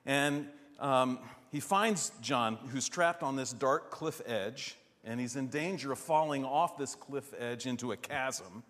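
A man preaching a sermon in an animated, rhetorical way, often asking "right?". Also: mid-range voice, unhurried, hardly any pauses. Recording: long hall reverb.

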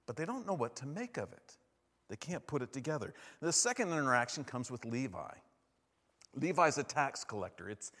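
With a medium-pitched, slightly bright voice, this male pastor preaches in a conversational style. He frequently asks "right?" and performs the voices of those he quotes, all heard through long hall reverb.

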